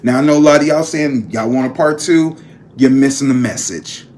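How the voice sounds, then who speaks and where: A man's voice: mid-range voice, moderate pace, a little mellow, slight background noise. Male vlogger, talky and emphatic, easygoing chat straight to camera. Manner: chatty, emphatic, addresses viewers as a group. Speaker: tarot reader and vlog host.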